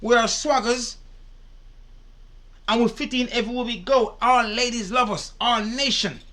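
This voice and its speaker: A man's voice: extremely high pitch, steady tone, moderate pace, pushed and bright. A man giving indignant, profane reaction commentary. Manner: indignant, profane, repetitive ranting. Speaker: reaction video host.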